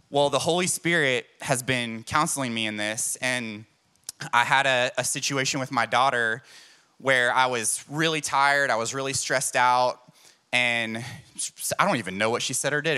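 A man's voice: medium pitch, pushed and bright, clear, resonant tone. A man preaching a sermon, telling personal stories in an emphatic, self-deprecating way. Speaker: pastor.

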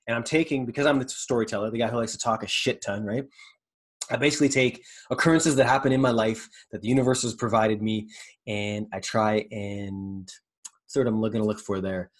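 A man hosting his own motivational podcast, talking casually and earnestly, rambling, pausing to search for words, and swearing freely. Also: lowish voice, steady tone. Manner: earnest and reflective. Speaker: podcast host. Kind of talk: motivational monologue.

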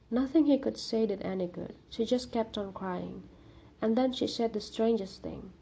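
A woman reading a short story aloud in a calm, measured narration. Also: a little high, creaky, breathy edge. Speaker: reader.

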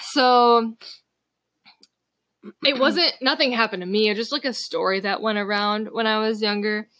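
A woman's voice: fairly high pitch, fairly even intonation, moderate pace, a bit bright, no echo. A young woman co-hosting a casual podcast. She chats and giggles easily, and her voice is wearing thin. The sound is dry and close to the mic. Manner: giggly and chatty. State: losing her voice. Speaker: podcast co-host. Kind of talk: casual chat.

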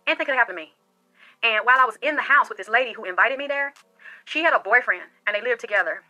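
A woman's voice: a little high, quick pace, bright, forceful tone, soft background music, poor audio. A woman hosting a podcast, telling a personal story in a blunt, profane, emphatic way. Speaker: podcast host. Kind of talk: storytelling commentary.

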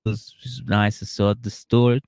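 A man's voice: lowish voice, level tone, a little slow, creaky, darkish tone. A man voicing a sheepish, evasive young man from a reality show, in a comedy retelling. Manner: evasive, awkward.

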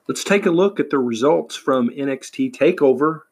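A man hosting a wrestling recap, talking casually and haltingly with lots of fillers. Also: a little high, expressive, husky. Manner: halting, many fillers and restarts. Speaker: wrestling podcast host.

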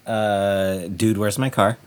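A man's voice: lowish voice, steady tone, slow. A man co-hosting a podcast in casual chat, playfully guessing at answers and joking around. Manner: playful guesser who tosses out answers and jokes. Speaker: podcast co-host.

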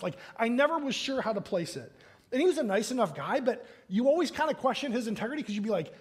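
A man's voice: extremely high pitch, expressive, quick pace, breathy edge. A man preaching a sermon as pastor, in a casual conversational manner, often checking in with "right?". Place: church sanctuary.

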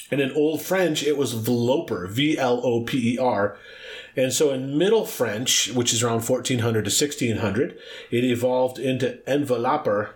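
A middle-aged man co-hosting a casual podcast, playfully quizzing his partner and joking as he explains word origins. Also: mid-range voice. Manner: teasing, jokey quizmaster. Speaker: podcast co-host. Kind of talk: casual chat.

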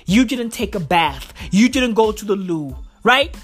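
A woman's voice: medium pitch, lively intonation, measured pace, breathy edge, faint music behind. A woman delivering a profane comic rant, emphatic and swearing constantly, peppered with "bro.". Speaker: vlogger.

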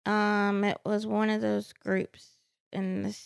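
A woman's voice: medium pitch, level tone, gravelly, smooth, dry recording, studio quality. A woman co-hosting a podcast, laughing and teasing herself in casual banter. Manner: laughing, self-deprecating, quick. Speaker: podcast co-host.

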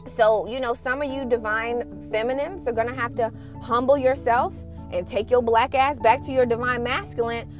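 A woman's voice: fairly high pitch, steady tone, normal speed, hardly any pauses, faint music behind. A woman hosting a casual spiritual podcast, talking in a blunt, sassy and profane way and laughing often. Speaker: podcast host and twin flame coach.

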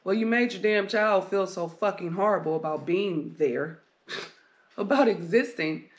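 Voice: mid-range voice, a little slow. A blunt, foul-mouthed podcast host rambling through a solo monologue of life advice. Points get hammered home with repeated commands and plenty of swearing. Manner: blunt and heavily profane; rambling, preachy advice-giving.

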